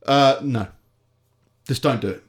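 A man's voice: medium pitch, unhurried, slight background noise. An English man co-hosting a podcast in casual chat, sardonic and rambling, often trailing off into mumbles. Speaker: podcast co-host.

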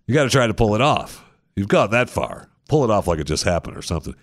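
A man's voice: on the low side, fast, no room sound, clean studio sound. A man hosting a talk show, bantering and telling comic stories, acting out little scenes as he goes. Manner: animated storyteller acting out scenes.

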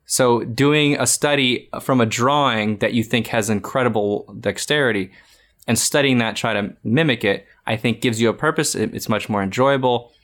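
A man's voice: medium pitch, moderate pace, fairly bright tone. 30s guy chatting about drawing, rambly, lots of restarts. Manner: rambling, frequent restarts and fillers. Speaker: art podcast co-host. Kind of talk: casual chat giving drawing advice.

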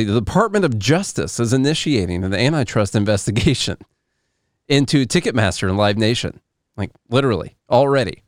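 A man's voice: mid-range voice, animated, fairly quick, dry recording, clean studio sound. A man in his thirties with a Southern US accent, hosting a casual podcast chat in a joking, sarcastic way. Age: 30s. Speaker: podcast host.

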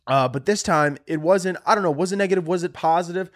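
A young man hosting a comedy podcast, ranting in a sarcastic, profane way, his voice jumping high when he gets worked up. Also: fairly even intonation, fast, hardly any pauses. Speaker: podcast host.

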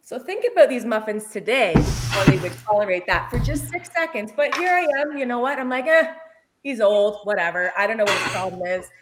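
A woman in her forties, a paramedic, telling a work story in casual chat, lively and often laughing. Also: a little high, brisk, very noisy.

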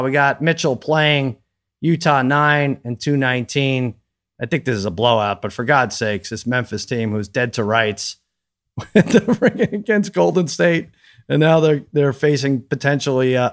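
A man co-hosting a casual sports betting podcast, animated and quoting others as he talks. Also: mid-range voice. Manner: animated, quotes people in put-on voices. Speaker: podcast co-host.

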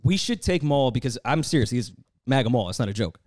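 A man's voice: medium pitch, expressive, darkish tone. A young man, joking dryly in casual podcast banter. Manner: dry, quick jokes.

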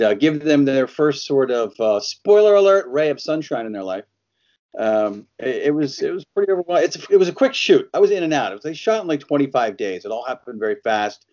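A man's voice: medium pitch, a little mellow, muffled recording. A man who is an actor, chatting as an interview guest, laughing often and acting out quotes as he tells stories. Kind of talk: casual interview chat.

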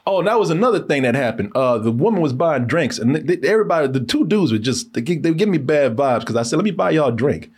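Husky man telling a bar story. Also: fairly high pitch, quick pace, few pauses. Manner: animated, profane storytelling with frequent laughter. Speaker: podcast co-host. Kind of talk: casual storytelling chat.

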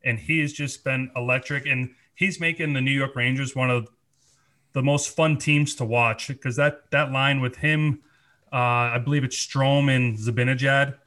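A man's voice: medium pitch, fairly even intonation, moderate pace, sharp tone. A man co-hosting a hockey podcast, laying out his opinions with confidence. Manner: confident, lays out arguments. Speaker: podcast co-host. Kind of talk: casual sports analysis.

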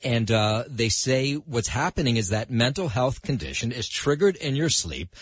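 Husky-voiced man reporting odd news. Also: medium pitch, big pitch swings, normal speed, no room sound. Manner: chatty, explaining news stories. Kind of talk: radio news segment.

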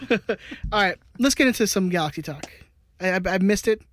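A man's voice: sits high, expressive, a little fast, a bit bright. A man hosting a casual sports podcast, playfully teasing his co-hosts and reading out viewer comments. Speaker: podcast host.

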